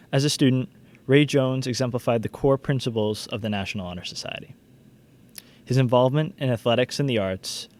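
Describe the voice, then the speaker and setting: Composed man introducing a speaker. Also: mid-range voice. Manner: composed, formal reading. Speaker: ceremony presenter. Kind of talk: formal introduction.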